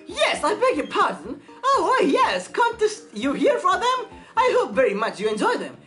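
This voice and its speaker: Woman doing a dramatic French lady gym leader, high, bright, giggly. Swooping pitch. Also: huge pitch swings, normal speed, soft background music, heavily acted. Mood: theatrical. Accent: put-on French.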